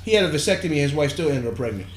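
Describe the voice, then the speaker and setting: A man's voice: on the high side, animated, rapid-fire. A man giving sarcastic, opinionated takes in casual sports banter, swearing freely. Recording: echoey room with crowd noise.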